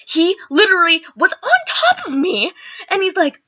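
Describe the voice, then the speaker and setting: A woman's voice: extremely high pitch, very animated, moderate pace, pushed and bright, dull audio. A woman vlogger telling a story in casual, chatty talk, full of "like" and "okay" and some swearing.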